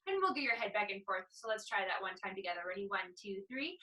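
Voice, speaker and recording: A woman teaching artist cheerfully guides a movement warm-up. Her voice is bright and ringing, picked up from a few steps away in an echoey room. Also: mid-range voice, fast, recorded from a distance. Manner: encouraging, upbeat instructions.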